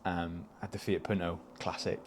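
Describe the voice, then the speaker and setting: A man's voice: deep voice, flat delivery, moderate pace, slight background noise. A man, a podcast guest telling casual anecdotes, swearing freely and laughing through his stories. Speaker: podcast guest, stock car racing driver.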